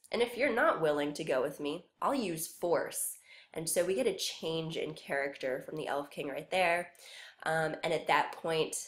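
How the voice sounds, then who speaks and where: Woman music teacher, lower voice, roomy. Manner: patient, explanatory teaching. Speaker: music instructor. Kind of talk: recorded classroom lecture.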